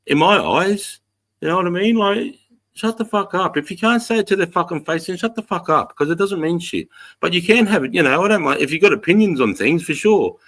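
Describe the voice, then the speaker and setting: A man's voice: sits high, lively intonation, brisk, a bit bright. Blunt, swearing Australian man. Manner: blunt and heavily profane, plain-spoken. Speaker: livestream host. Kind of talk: casual livestream chat to viewers.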